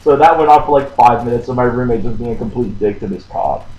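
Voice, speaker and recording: A man's voice: mid-range voice, quick pace, dark tone, lo-fi sound. A young man telling a long story in casual chat, rambling, laughing often and swearing freely. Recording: roomy echo with faint ambience.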